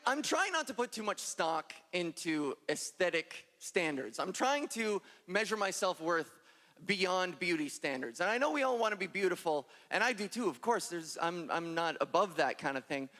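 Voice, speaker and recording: A trans woman performs stand-up before a live crowd, her humor punchy and self-deprecating. Her voice sits on the low side with a slightly bright tone, expressive delivery and a moderate pace. The set was recorded in an echoey hall full of crowd noise and ambience.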